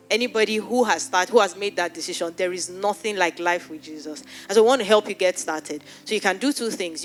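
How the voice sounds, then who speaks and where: A woman pastor leading an altar call in a church, speaking earnestly and pleading, often repeating her words. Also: fairly low pitch. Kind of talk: sermon altar call and prayer. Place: church hall with live audience.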